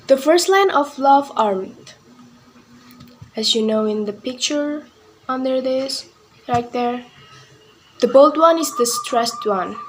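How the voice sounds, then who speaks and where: A young woman presents in class, reading out her part slowly and carefully and sometimes going back over her words. Her voice sits a little high. Faint noise runs under the recording. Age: young adult. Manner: careful, deliberate reading with restarts. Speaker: student presenter.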